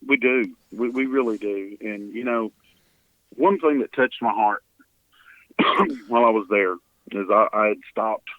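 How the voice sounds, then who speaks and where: A man's voice: fairly low pitch, a little slow, long pauses, dry recording. A man with a Texan accent, a guest telling an earnest, emotional story from his relief volunteering. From Texas. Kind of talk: storytelling in an interview. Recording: dry, phone-like sound.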